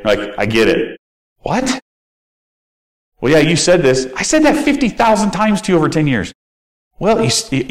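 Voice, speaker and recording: A man's voice: medium pitch, low-quality recording. A male pastor giving a sermon in a conversational, candid style with personal asides.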